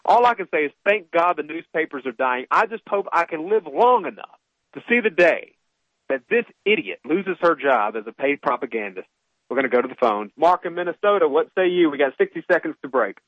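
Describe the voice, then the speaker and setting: High-pitched ranting male radio host. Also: big pitch swings, brisk, no room sound. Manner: heated, ranting, many restarts. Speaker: radio talk show host. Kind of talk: call-in radio commentary. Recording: dull lo-fi broadcast audio.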